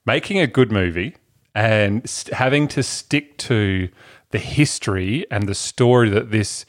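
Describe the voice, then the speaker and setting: A man's voice: fairly low pitch, lively intonation, unhurried. A man chatting casually about a film, enthusiastic and laughing as he retells scenes.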